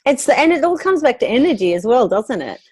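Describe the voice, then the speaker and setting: A woman co-hosting a podcast, speaking in a gentle, affirming way during a casual spiritual chat. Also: high-pitched, very animated, fast talker, husky, no room sound. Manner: gentle, affirming, soft murmurs of agreement. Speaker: podcast co-host.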